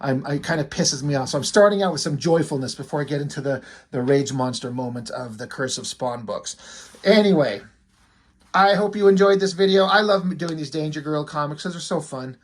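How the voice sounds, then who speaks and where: A man's voice: fairly high pitch, fairly quick. Eager rambling man reviewing comics. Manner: enthusiastic, rambling, fillers. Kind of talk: casual comic review vlog.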